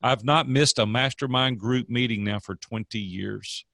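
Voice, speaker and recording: An older man speaks with a gravelly edge in a dry, close sound. He tells stories earnestly and leans into life lessons like a preacher. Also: mid-range voice, normal speed, pushed and bright, no room sound. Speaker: guest, coach. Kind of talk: casual interview storytelling.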